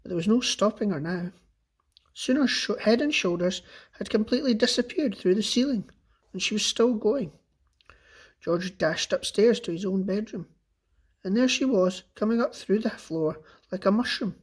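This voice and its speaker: A man teacher reading a children's book aloud with expressive, lively storytelling. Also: high voice, moderate pace, slightly rough.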